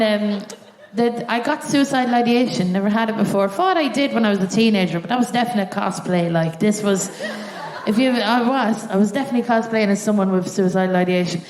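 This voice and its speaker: An Irish woman performing a live stand-up set on a theatre stage, telling a story with acted-out voices. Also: medium pitch. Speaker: stand-up comedian. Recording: roomy live theatre sound.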